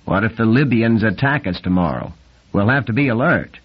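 A troubled, restrained navy commander who speaks with caution in a husky voice, as a male narrator voices him. The lo-fi audiobook recording sounds dull. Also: fairly low pitch, animated, brisk. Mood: uneasy.

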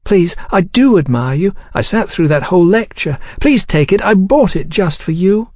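A man voicing an excitable, coaxing middle-aged woman in a storybook reading. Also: sits high, moderate pace, no echo, clean studio sound, voice pushed up. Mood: pleading. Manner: coaxing, gushing, pleading.

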